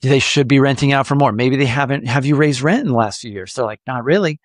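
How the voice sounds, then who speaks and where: A man hosting a podcast, coaching listeners in a lively, animated way with playful jokes. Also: mid-range voice, quick pace, no room sound, clean studio sound. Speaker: podcast host.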